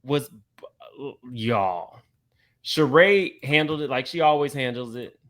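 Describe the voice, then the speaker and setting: A man's voice: mid-range voice, lively intonation, takes it slowly, a bit bright. Chatty man hosting gossip commentary. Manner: chatty, laughing, addresses viewers as y'all. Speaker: commentary channel host.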